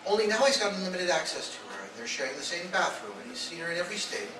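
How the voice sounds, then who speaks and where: At an event hall, a man gives a blunt, provocative talk to a live audience, telling stories and acting out the voices within them. He speaks very fast and very animatedly in a high-pitched voice. An audience member's phone camera captured it from far off, so the recording is echoey with a noisy background.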